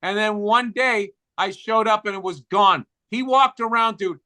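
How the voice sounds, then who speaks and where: A man's voice: high voice, moderate pace, pushed and bright. A middle-aged man with a Boston accent, co-hosting a podcast in casual comedic chat, ranting profanely and sarcastically. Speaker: podcast co-host.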